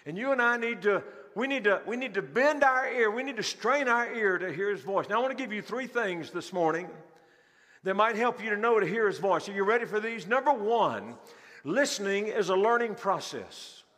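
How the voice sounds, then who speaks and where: Male pastor, high-pitched, repetitive sermon delivery in a large hall. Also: animated, moderate pace, a bit bright. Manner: rhetorical questions to the congregation, repeats key phrases. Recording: long hall reverb.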